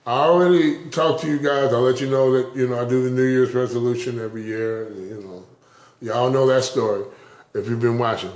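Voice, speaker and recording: A man's voice: mid-range voice, steady tone, brisk, a little mellow. Guy rambling into his vlog, repeats himself, gets all emotional, kinda echoey room. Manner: rambling, repeats words in restarts; openly emotional, laughing and tearing up. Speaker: vlogger. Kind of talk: casual spoken vlog.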